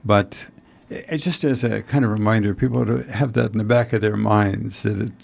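Man, talk show host, gravelly voice, halting, rambling, wry asides. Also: on the low side, fairly even intonation, a little mellow. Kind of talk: casual political talk show chat.

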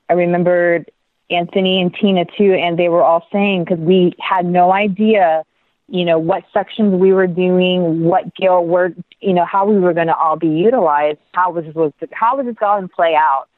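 A middle-aged woman telling a story as an interview guest, lively and animated, with quick asides and restarts. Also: on the low side, dry recording. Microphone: phone. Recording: tinny dry phone line.

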